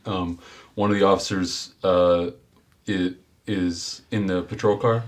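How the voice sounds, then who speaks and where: A deep-voiced man narrating a tabletop game as its game master. He speaks in a laid-back, rambling way and fills the gaps with plenty of ums and uhs. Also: fairly even intonation, unhurried.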